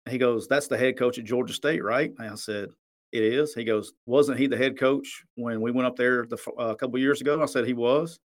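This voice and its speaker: A man's voice: medium pitch, fairly even intonation, fairly quick. A man, hosting a podcast in a friendly, rambling way and laughing easily. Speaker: podcast host. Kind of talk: casual podcast chat.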